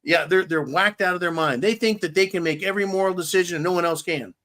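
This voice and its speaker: A man ranting bluntly through a casual live-stream monologue, his voice sitting a bit high for a man. He swears freely and slurs a little now and then, tongue-tied after a couple of drinks. He talks straight to his viewers like a show host. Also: quick pace, fairly bright tone. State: slightly tipsy, tongue-tied. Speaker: livestream host.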